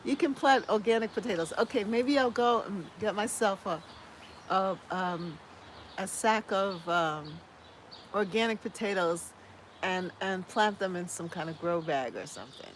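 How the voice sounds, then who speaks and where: A woman's voice: medium pitch, unhurried, a little hiss or hum. A woman from the US hosting a casual gardening live stream, reading viewer comments aloud and chatting back with easy laughs. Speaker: host reading live chat.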